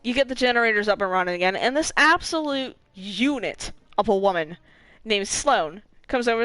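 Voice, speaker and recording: A young woman streamer recapping a game story in casual, animated talk, swearing freely and laughing between lines. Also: mid-range voice, moderate pace, no room sound. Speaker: gaming streamer.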